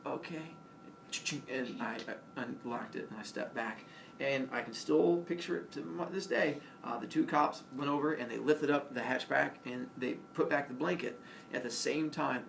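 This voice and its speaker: A middle-aged man telling a humorous personal story, laughing as he acts out the voices of the people in it. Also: vocal fry. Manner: animated, acts out voices of cops and friends with laughs. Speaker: storyteller speaking to a class. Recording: distant mic with faint rumble.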